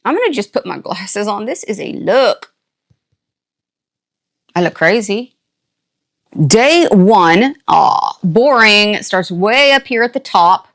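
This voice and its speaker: An older woman hosting a casual unboxing, chatty and playful with quick asides and a jokey put-on country twang. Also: mid-range voice, lively intonation, fairly bright tone. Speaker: unboxing channel host. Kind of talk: casual product unboxing chat.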